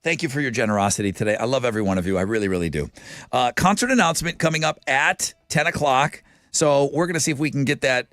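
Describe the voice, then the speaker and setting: A man hosting a morning radio show, chatting in a lively, jokey way and laughing easily. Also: medium pitch, quick pace, dry recording. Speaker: radio host. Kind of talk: morning radio chat and live ad reads.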